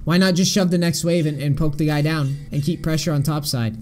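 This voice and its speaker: A man's voice: a little high, fairly even intonation, fairly quick, a little mellow, faint music behind. A young man coaching a player over a live stream, blunt and exasperated, swearing often. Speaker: game coach.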